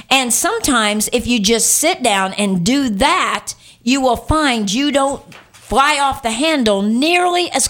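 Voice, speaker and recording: A woman's voice: on the high side, a bit bright. A woman preaching a sermon in an earnest, conversational way, stretching out words for emphasis as she reads scripture.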